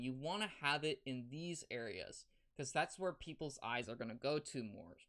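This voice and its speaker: A streamer giving casual advice on a livestream, rambling and halting, with many restarts and fillers. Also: medium pitch, fairly bright tone.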